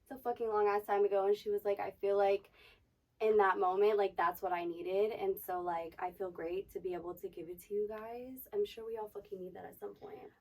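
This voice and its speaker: A woman's voice: mid-range voice, steady tone, a little fast, a little mellow, recorded from a distance. A young woman co-hosting a casual chat, giving blunt, profane pep talk. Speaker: podcast co-host, dancer.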